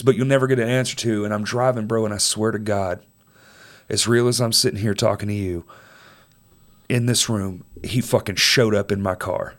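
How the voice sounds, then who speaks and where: A man telling a personal story in casual chat, swearing freely and dropping to quiet, low tones at heavy moments. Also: steady tone, moderate pace. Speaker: storyteller in conversation.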